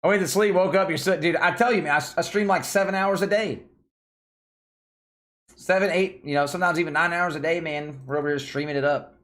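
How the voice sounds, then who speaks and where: A man's voice: fairly high pitch, fairly quick. A man from Tennessee with a Southern accent, chatting casually as a livestream host and laughing often. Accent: Southern American. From Tennessee, USA. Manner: laughs often, lively and excitable.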